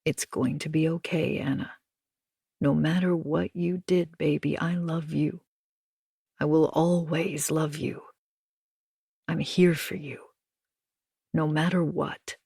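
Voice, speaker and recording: A woman reader voicing a steady husband who speaks in a firm, soothing way. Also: lowish voice, a little slow, dry recording, clean studio sound. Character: steady reassuring husband, adult man.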